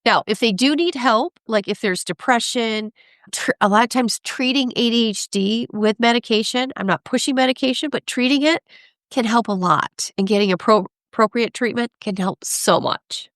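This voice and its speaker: Animated woman expert, very dry sound. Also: fairly high pitch, moderate pace, no echo. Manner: animated, acts out parents and kids in quoted voices; frequent laughs and "right?" tags. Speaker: guest expert. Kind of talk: conversational interview.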